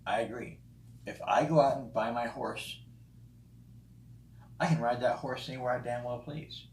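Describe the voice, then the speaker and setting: At a normal speed and medium pitch, a man gives blunt, profane opinions about a friend's video in a casual vlog monologue. He often says um and restarts, and there's a roomy echo with faint background noise.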